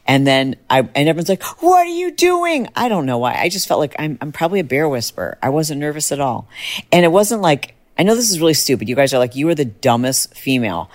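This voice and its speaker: A middle-aged woman hosting a podcast, chatting casually and telling a story with lively jumps in pitch when excited. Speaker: podcast host. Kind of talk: casual chat.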